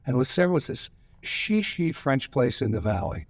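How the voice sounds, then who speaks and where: A man's voice: fairly high pitch, big pitch swings, brisk, dry recording. An older man, a guest actor at a screening Q&A, telling loose, profane, laughing anecdotes on a cinema stage. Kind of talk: rambling anecdotal storytelling. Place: cinema stage before a live audience.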